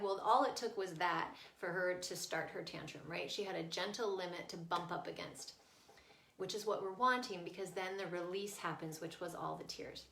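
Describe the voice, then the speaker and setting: A woman parenting coach casually and earnestly explains how to stay with a child through a tantrum, checking in with "right?". Her medium-pitched voice is steady, creaky and fairly bright, at a moderate pace. The room sounds echoey.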